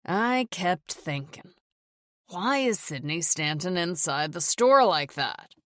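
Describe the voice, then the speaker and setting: A woman reading an audiobook, voicing a drunk, suspicious husband who talks slowly and snarls. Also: fairly low pitch, expressive, a bit bright, no echo, studio quality. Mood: angry. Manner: slow, snarling.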